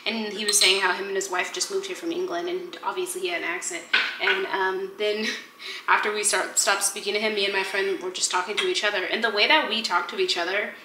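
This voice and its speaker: Making tea in her home kitchen for her vlog, a lifestyle vlogger chats and rambles playfully. Her medium-pitched voice moves briskly with fairly even intonation. Music plays in the background, and the room gives a roomy echo along with some noise.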